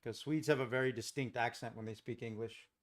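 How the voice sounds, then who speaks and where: A man from Los Angeles hosting a live day-trading stream, chatting casually with viewers in a relaxed, rambling way and chuckling often. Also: mid-range voice, fairly quick. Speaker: day trading livestream host. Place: home trading setup.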